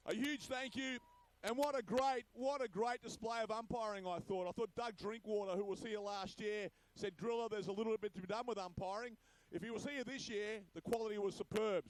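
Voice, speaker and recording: A man, emceeing an awards ceremony in a jokey, boisterous way and hushing the crowd. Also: high-pitched, dry recording, low-quality recording. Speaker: master of ceremonies.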